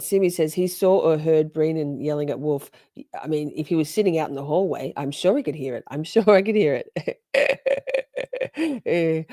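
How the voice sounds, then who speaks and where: A woman's voice: lowish voice, dark tone, no echo. A woman hosting a livestream, chatting casually, swearing and reacting to her chat. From Australia. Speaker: livestream host.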